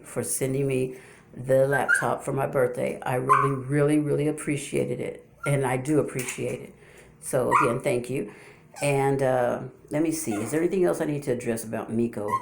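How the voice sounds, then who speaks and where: A woman's voice: very deep voice, normal speed, vocal fry, heavy background noise. Stammering woman vlogger. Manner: repetitive, stammering restarts, rhetorical questions. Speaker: YouTuber addressing viewers. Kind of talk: casual unscripted monologue.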